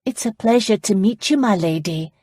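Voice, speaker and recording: A woman's voice: medium pitch, animated, normal speed, darkish tone, slightly rough, dry recording, clean studio sound, voice pushed up. A woman narrator voicing a blunt, outspoken young Scottish woman with a Scottish accent, speaking politely but frankly.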